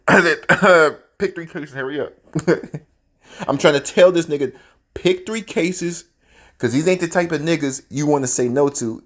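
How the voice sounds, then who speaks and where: Animated, profane male storyteller. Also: mid-range voice. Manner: animated and profane, breaking into laughter. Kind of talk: casual spoken storytelling.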